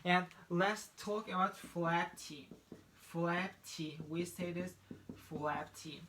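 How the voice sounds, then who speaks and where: Slow, halting Turkish-accented male teacher. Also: high-pitched, sharp tone, a little hiss or hum. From Turkey. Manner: halting, many restarts and repeated words. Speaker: English pronunciation teacher. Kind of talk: online lesson.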